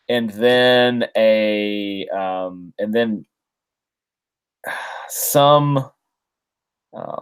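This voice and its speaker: A man's voice: on the low side, clear, resonant tone. A man co-hosting a casual comics podcast, recapping a story with lots of ums and restarts. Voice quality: rambling, many fillers. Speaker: podcast co-host. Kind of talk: casual chat.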